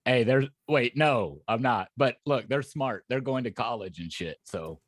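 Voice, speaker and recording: A man's voice: medium pitch, animated, measured pace, dry recording, studio quality. A man from rural Texas, a guest on a casual livestream, joking and rambling. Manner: jokey, rambling, self-deprecating. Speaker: stream guest.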